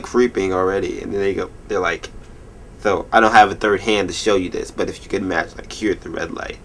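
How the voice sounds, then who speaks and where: A man in his twenties rambling jokily through a late-night vlog at home, telling stories in an animated way. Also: fairly low pitch. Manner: rambling, jokey, animated storytelling. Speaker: vlogger.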